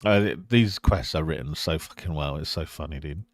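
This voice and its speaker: A man's voice: a bass voice, fairly quick, no room sound, clean studio sound. A man streaming a video game, chatting in a casual, joking way and reading his character's lines. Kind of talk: let's play with read-aloud dialogue.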